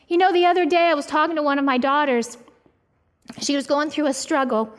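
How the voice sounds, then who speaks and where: A middle-aged woman Bible teacher giving a passionate, pleading sermon with slow, emphatic delivery. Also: high voice.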